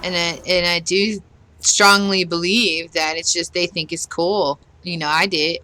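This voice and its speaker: A middle-aged woman vents her exasperation in a blunt, casual rant while she plays a game for her vlog. Her voice is bright and forceful, and she talks with a sharp edge. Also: fairly low pitch, low-quality recording. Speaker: gaming vlogger.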